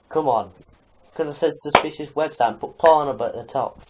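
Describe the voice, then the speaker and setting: A man's voice: medium pitch, lively intonation, moderate pace, noisy background. A young man, doing casual reaction commentary on a video, mock-indignant and swearing in jest.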